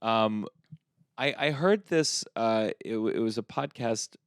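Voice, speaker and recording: A man hosting a podcast, asking questions in a halting, restarting way with a playful streak. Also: on the low side, clear, resonant tone, no room sound, clean studio sound. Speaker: podcast host. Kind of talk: casual podcast interview.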